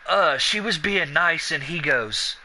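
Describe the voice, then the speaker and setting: Sharp-voiced profane man telling stories. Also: a little high, unhurried, a little hiss or hum, low-quality recording. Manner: profane, animated, acts out quoted dialogue. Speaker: gameplay commentator. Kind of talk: casual let's-play chat with storytelling.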